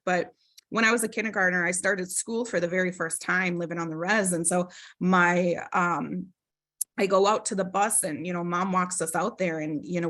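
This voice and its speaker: A woman's voice: on the low side, fairly bright tone. A woman presenting a webinar, telling a personal story in an earnest, reflective way, with many fillers and tag questions. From Minnesota. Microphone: video call microphone.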